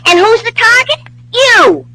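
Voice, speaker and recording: A woman's voice: extremely high pitch, measured pace, creaky, heavy background noise, exaggerated voice. A woman playing a brash young wife of an army lieutenant, wisecracking and indignant, in 1940s radio acting style.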